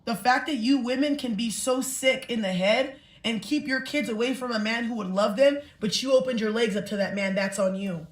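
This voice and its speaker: A woman's voice: a little high, normal speed, few pauses. Impassioned woman ranting in a roomy room. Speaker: social media commenter. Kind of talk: emotional monologue. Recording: roomy echo.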